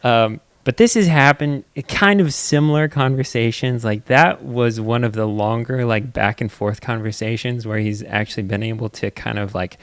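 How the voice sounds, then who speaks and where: Young man, podcast co-host, casual storytelling, animated, middle pitch, dry close sound. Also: normal speed, few pauses, clean tone, dry recording. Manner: animated storytelling with big quoted voices. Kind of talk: casual chat.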